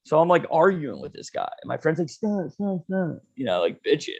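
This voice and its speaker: Young male podcast host, slightly high voice, rambling profane storyteller. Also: sing-song, fast, highs cut off. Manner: profane, laid-back storytelling with lots of "dude" and "you know". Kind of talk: casual storytelling chat.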